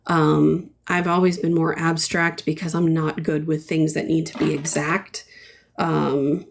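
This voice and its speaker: A middle-aged woman hosts a casual live painting lesson, chatting with her viewers as she works. Her voice sits low with a gravelly fry, and she talks slowly and unhurriedly. She fills pauses with ums and answers viewers' comments between steps. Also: level tone. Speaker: painting instructor.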